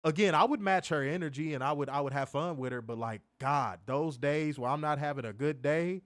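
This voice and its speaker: A man co-hosting a casual streamed chat, telling stories in an animated, profane way with loud bursts. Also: fairly high pitch, a little fast, no echo. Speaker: co-host of a wrestling review show.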